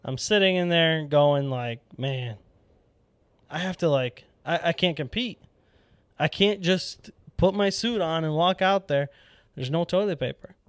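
Slow-talking young man telling a story. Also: clean tone, no echo. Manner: animated, quotes himself in excited high voice. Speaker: powerlifter vlogger. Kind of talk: casual storytelling monologue.

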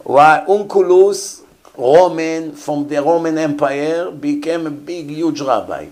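A man's voice: a little high, expressive, slow pace, a little mellow. A man teaching as a rabbi in an earnest, emphatic sermon, often repeating rhetorical questions.

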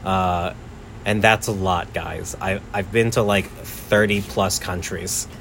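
A man's voice: deep voice, steady tone, slow pace, gravelly, a bit bright, a little hiss or hum. A young man and podcast host telling a travel story in a rambling casual way, full of "like" and "right?".

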